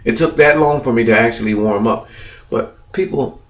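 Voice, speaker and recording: A man excitedly pointing out hidden faces in pictures to his viewers, rambling with many fillers and repeats. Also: mid-range voice, moderate pace. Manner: addresses viewers as "people". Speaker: video host. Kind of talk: excited conspiracy commentary over images.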